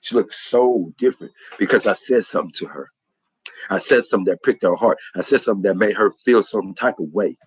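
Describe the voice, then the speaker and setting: A man with a low, husky voice preaches in an earnest testimony style. He leans on repetition and emphatic rhythms. The sound is dry and close, with no room echo. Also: fairly quick. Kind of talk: impassioned spoken testimony.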